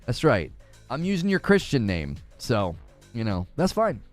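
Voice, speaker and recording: Lively, joking male stream host. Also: medium pitch, a little slow, faint music behind. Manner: jokey, laughs often, slips into playful put-on voices. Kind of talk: casual live-stream chat with viewers.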